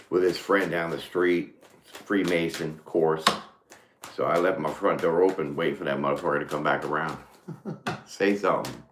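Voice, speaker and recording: A low-voiced man chats through a live tarot reading in an echoey room. His pitch swings widely as he tells stories, swears freely and breaks into laughter. He rambles with lots of fillers. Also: noisy background. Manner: profane, rambling storyteller who laughs often. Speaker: tarot reader; former mechanic.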